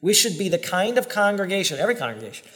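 A pastor giving a sermon in earnest, direct tones. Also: male voice, sits high, sing-song, quick pace, a bit bright. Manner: earnest, direct preaching with voiced prayers and quoted excuses. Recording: long hall reverb.

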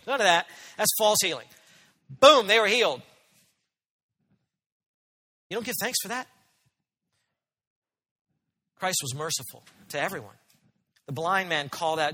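A man's voice: high voice, unhurried, pauses often, sharp tone, in a large hall. A man preaching a sermon as pastor, earnest and emphatic, often asking his listeners questions.

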